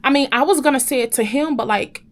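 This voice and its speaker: Animated young woman telling a story. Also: high voice, quick pace. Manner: animated, chatty, addresses viewers as y'all. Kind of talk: casual storytime chat.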